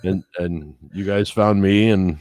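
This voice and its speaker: A low-pitched man, unhurried and clean in tone, co-hosts a podcast and tells a long story in casual talk, cursing liberally. He brings it to life by acting out others' words, captured in a dry, clean studio recording.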